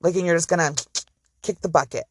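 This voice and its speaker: A woman's voice: fairly low pitch, fairly even intonation, fast, slight background noise. A woman casually telling a true crime story from inside her car, chatty and profane with rambling asides.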